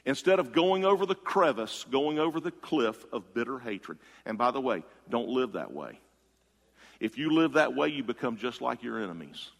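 A male pastor delivers a sermon in a conversational way, with quick asides to the congregation. His voice has a rough, gravelly texture, and it swings between loud bursts and low, quiet passages. A long reverb trails each phrase in the big room. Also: lively intonation.

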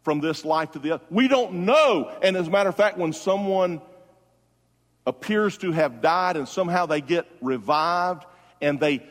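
A male pastor preaching a funeral sermon, swinging from loud emphatic calls to hushed, soft tones. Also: fairly high pitch, normal speed, in a large hall.

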